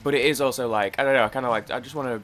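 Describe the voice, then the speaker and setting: A man's voice: mid-range voice, fairly even intonation, racing, a bit bright, faint music behind. A man chatting casually while playing a video game, rambling, restarting his sentences and swearing now and then. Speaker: gaming YouTuber. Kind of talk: casual let's-play chat.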